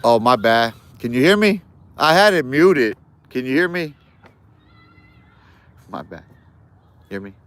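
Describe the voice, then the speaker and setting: A man's voice: mid-range voice, sing-song, a little slow, long pauses, a bit bright, no echo. A man ranting on a live stream in casual street slang, heated and repeating himself.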